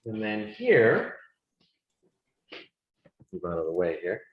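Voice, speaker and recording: A man teaching an English class, speaking slowly and deliberately for students. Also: lo-fi sound. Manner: slow, deliberate speech with lively pitch swings. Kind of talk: classroom lesson. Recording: echoey classroom sound.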